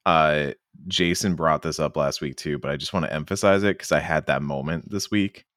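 Low-voiced guy gushing about a game on a podcast, dry close mic, does little silly voices for characters. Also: fairly bright tone, no echo. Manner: enthusiastic, acts out characters in quick silly voices. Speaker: podcast co-host. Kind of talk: casual podcast chat.

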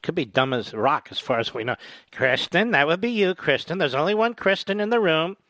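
Animated, sarcastic male radio host. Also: fairly high pitch, a little fast, no room sound, studio quality. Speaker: radio talk show host. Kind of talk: sarcastic political talk radio monologue.

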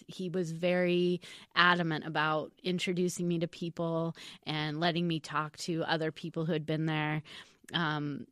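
A woman's voice: sits low, no room sound, studio quality. A woman author talking through her book in an interview, earnest and hesitant, with many restarts. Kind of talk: casual interview talk.

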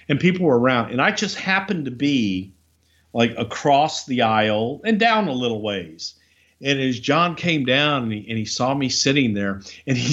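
An older man co-hosting a wrestling podcast, telling a backstage story in a halting, rambling way full of fillers and restarts. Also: fairly low pitch, a bit bright. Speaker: podcast co-host, former wrestling executive. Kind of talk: casual storytelling chat. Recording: slightly dull lo-fi sound.

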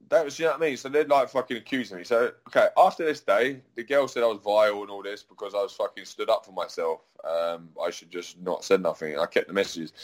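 A young adult man, ranting in a casual, profane way while he tells a long story full of restarts and asides. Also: medium pitch. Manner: profane, rambling, with many restarts. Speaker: adult performer.

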